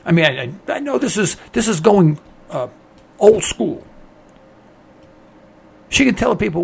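A man with a fairly high, gravelly voice rants to his listeners as a talk host. His pitch swings widely and his tone is husky as he fires off rhetorical questions and repeats his points with mounting indignation. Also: sing-song, a little slow, pauses often. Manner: indignant, ranting, repeats himself. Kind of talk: opinionated monologue.

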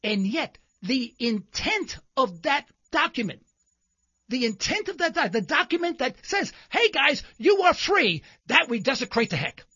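A man's voice: very high voice, very animated, moderate pace, pushed and bright, husky, no echo, highs cut off. A man hosting a talk show, delivering an impassioned political commentary monologue full of rhetorical questions and indignant emphasis.

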